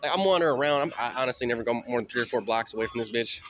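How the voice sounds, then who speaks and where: A man fires off words rapidly in a mid-range, slightly bright voice while filming himself on a night walk through the city. He rambles and swears in an unbroken stream of consciousness, with faint street sounds and passing cars behind him.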